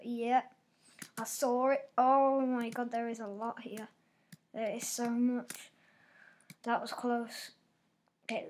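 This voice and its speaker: Woman gamer, high voice, unhurried delivery, excitable play-by-play with loud outbursts and quiet mutters. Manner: excitable, reacting aloud with frequent exclamations. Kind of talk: live gameplay commentary.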